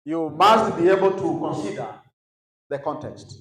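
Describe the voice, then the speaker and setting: A man with a Kenyan accent leads a teaching session for young people in a big hall. His voice sits fairly high, and the room gives it a roomy echo. He drops in Swahili phrases and leaves gaps for the crowd to finish his sentences. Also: measured pace, a bit bright. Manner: mixes English with Swahili phrases. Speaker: youth conference speaker. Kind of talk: teaching a session to a youth audience. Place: large echoey conference hall.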